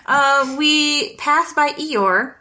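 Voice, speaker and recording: A woman's voice: sits high, very slow, pushed and bright. A woman with a Midwestern American accent chatting casually as a podcast co-host, rambling with lots of "like" and dry sarcasm. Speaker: podcast co-host recapping a film. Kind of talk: casual chat.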